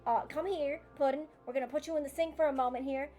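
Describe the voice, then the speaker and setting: A woman's voice: high-pitched, fairly even intonation, fast talker, mellow, close to an everyday voice. A woman voicing a fussy, doting fairy mother who rambles as she fusses over her family. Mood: fussing.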